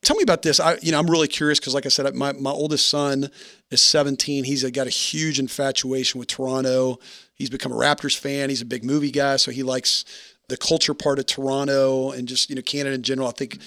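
A man's voice: mid-range voice, little pitch movement, fairly quick, a bit bright, dry recording. 40-something guy hosting a podcast, chatty and curious, dry close sound. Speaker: podcast host. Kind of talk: casual interview talk.

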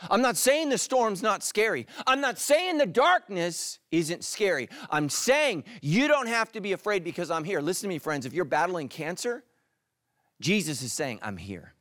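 Animated pastor preaching, dry close sound. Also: male voice, high voice, moderate pace, no echo. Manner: animated preaching, swings from loud to hushed. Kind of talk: sermon.

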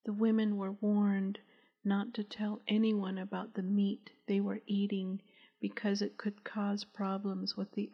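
A woman narrating a novel as an audiobook in a slow, measured, even reading. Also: mid-range voice, breathy edge. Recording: dull, echoey recording.

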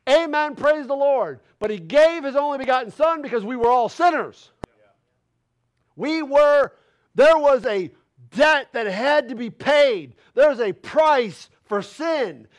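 Fiery high-voiced preacher man. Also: expressive, slow. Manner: passionate, emphatic, rising to loud declarations; casual folksy phrasing, rhetorical questions. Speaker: pastor. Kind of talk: sermon. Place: church sanctuary.

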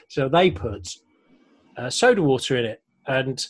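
A man's voice: medium pitch, animated, a little slow. A man co-hosting a casual online talk show about cocktails, chatty and jokey as he explains a drink's history. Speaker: podcast co-host.

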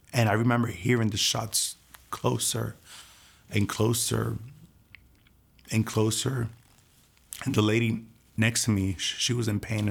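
A young man telling his personal testimony in a hushed, intense way, his voice often dropping almost to a whisper. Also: on the low side, creaky, breathy edge. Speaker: testimony speaker.

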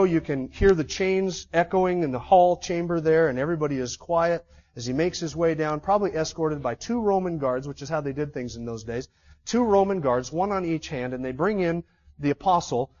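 A man's voice: fairly high pitch, darkish tone, dull audio. A man preaching a sermon, telling a vivid story and asking the congregation rhetorical questions.

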